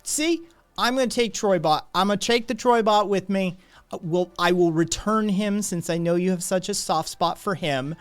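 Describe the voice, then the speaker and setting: A man's voice: high-pitched, moderate pace, smooth, voice pushed up, lightly acted. A man putting on a showy, theatrical club boss. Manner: showy, loud, teasing. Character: flamboyant theatrical male club figure.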